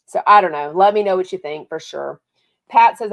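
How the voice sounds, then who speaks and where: A gravelly, low-leaning female voice at a moderate pace belongs to a podcast host from Texas with a Texan accent. She chats casually and lively about reality TV, reading viewer comments aloud as she goes.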